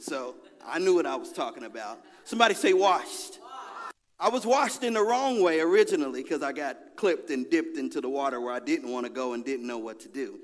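A man, preaching a lively, conversational sermon with call-and-response and a personal story in a large church. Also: mid-range voice, fairly quick. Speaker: pastor. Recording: long hall reverb.

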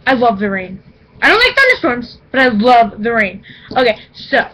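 Teen girl vlogging at home, super excited, voice jumping all over, squeals a lot. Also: fairly high pitch, moderate pace, rough recording. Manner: giddy, squealing, playfully dramatic. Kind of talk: excited casual vlog. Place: indoors at home.

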